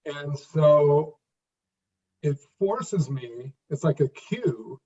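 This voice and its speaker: A man's voice: on the high side, lively intonation, dark tone. Guy in his fifties being interviewed, stops and restarts a lot, sounds far off and muffled. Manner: halting restarts, repeats words, then emphatic phrases. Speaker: interview guest. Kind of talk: conversational interview. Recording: distant, dull lo-fi sound.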